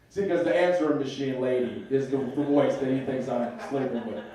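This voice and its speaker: A man's voice: medium pitch, fairly quick, mellow, dull audio. A man doing a stand-up comedy set in a comedy club, telling stories in a loose, profane way. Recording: echoey club from far off.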